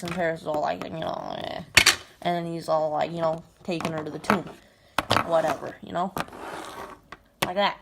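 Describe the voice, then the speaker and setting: Rambling young woman, noisy recording. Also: fairly low pitch. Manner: rambling, filler-heavy valley-girl talk. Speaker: storyteller. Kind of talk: comic retelling.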